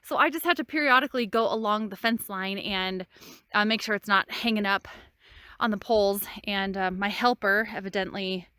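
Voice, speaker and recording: A woman's voice: mid-range voice, moderate pace, bright, forceful tone, clear, resonant tone, no echo, clean studio sound. A woman on her farm, venting frustration in a casual vlog while out of breath from hard work outdoors. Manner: exasperated, venting. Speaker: farm vlogger.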